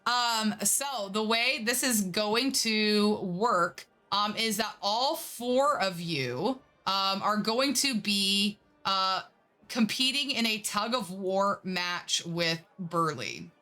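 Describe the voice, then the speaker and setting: A woman's voice: medium pitch, takes it slowly, bright, forceful tone. A woman narrating a tabletop game as game master, chatty with many fillers.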